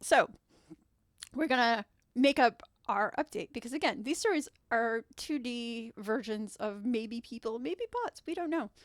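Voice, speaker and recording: A chatty woman host telling stories on her channel, breaking off into rambling asides and correcting herself as she goes. Her voice sits a little high for a woman, and the sound is dry and close with no room echo. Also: unhurried. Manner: animated, rambling, self-interrupting asides. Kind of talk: chatty storytelling vlog.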